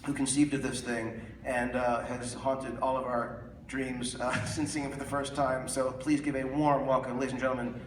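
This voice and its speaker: A man's voice: medium pitch, little pitch movement, moderate pace. A man introducing a film to a theater audience, talking casually with many fillers and restarts. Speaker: filmmaker introducing a screening. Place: large cinema theater. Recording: echoey room, far from the mic, some noise.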